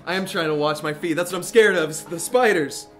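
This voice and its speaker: A young man, a comedian, reacting to a VR horror game with profane, panicky yelling and nervous laughter. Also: sits high, brisk, soft background music. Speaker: comedian guest.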